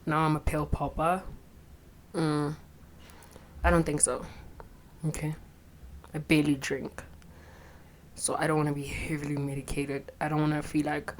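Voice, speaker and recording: A woman's voice: sits low, flat delivery, moderate pace, long pauses, a little hiss or hum. A young woman, talking bluntly and profanely in a rambling confessional vlog, her voice a little shaky with anxiety. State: anxious, voice shaky. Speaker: vlogger.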